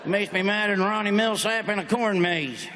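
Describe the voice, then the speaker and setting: Southern stand-up comic in a big hall. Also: male voice, high voice, sharp tone, slight background noise. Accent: Southern American. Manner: folksy drawl, rapid-fire punchlines. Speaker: stand-up comedian. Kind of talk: stand-up comedy set. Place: large hall on stage. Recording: stage mic in a big reverberant hall.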